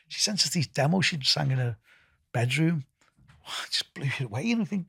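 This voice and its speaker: A man's voice: mid-range voice, quick pace, gravelly, a bit bright, breathy edge, dry recording, studio quality. A middle-aged man with a Liverpool accent answering interview questions in a rambling, casual way, repeating words and filling gaps with "you know". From England. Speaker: festival founder and music executive.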